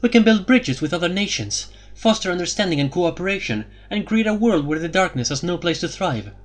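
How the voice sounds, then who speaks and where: A regal young queen, firm and earnest, played by a man reading the audiobook, in a high, lively voice that rides up on every conviction. She speaks with steady resolve and courtly poise. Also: a little fast. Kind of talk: audiobook character voice.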